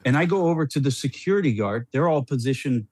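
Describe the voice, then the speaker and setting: Animated man telling a rambling story, dry sound. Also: mid-range voice, fast talker, no echo. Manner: rambling and animated, with frequent restarts and laughs. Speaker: podcast guest, former NBA player. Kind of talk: casual storytelling on a podcast.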